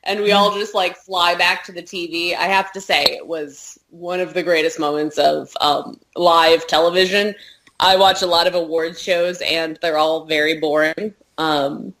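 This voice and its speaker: A woman's voice: on the low side, steady tone, normal speed, fairly bright tone. A woman co-hosting a podcast in casual chat, joking and telling stories with plenty of fillers. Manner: chatty and joking, storytelling with fillers. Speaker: podcast co-host.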